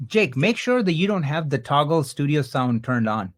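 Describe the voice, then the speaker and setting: A man hosting a casual live video call with students, talking fast and animated with many fillers. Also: a little high. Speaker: host and course instructor. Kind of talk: casual livestream chat.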